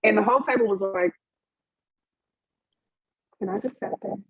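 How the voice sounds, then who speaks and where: A woman's voice: medium pitch, normal speed, no room sound. A young woman panelist on a video call, giving an open, emotional account with laughs and fillers. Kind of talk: candid personal account on a webinar panel. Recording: dry, husky, phone-like web call audio.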